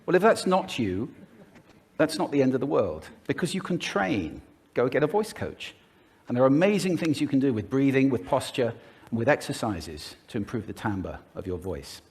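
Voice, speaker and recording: A man gives a polished public talk on speaking, his pitch roaming widely as he demonstrates each point. He is animated and demonstrative, speeding up, slowing down and shifting volume to show what he means. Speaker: speaker on voice and communication. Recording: played from a recorded talk.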